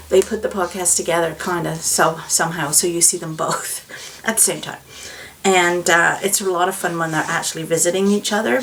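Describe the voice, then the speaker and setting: A woman's voice: lowish voice, slight background noise, rough recording. A woman chatting casually as a knitting vlogger, rambling with many fillers and asides. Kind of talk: casual chat to camera.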